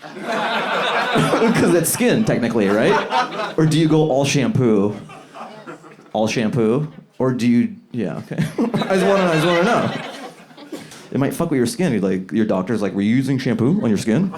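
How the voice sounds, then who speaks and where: A man doing a loose, chatty stand-up set on a comedy club stage, acting out characters in high squeaky voices and laughing at his own bits. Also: big pitch swings, unhurried, long pauses. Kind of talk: stand-up set trying new material. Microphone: handheld stage mic. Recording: live club with loud crowd laughter.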